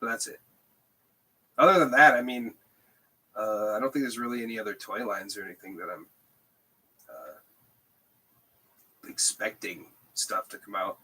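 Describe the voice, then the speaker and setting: A man's voice: fairly low pitch, moderate pace, pauses often, pushed and bright, slightly rough. A man co-hosting a podcast, chatting casually and laughing often. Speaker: podcast co-host. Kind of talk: casual chat.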